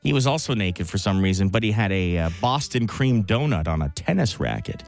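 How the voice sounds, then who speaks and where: Animated low-voiced radio joke-teller man. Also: a little fast, gravelly, faint music behind. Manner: rambling joke-teller, laughs at own jokes. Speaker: radio co-host. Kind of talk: casual morning radio banter.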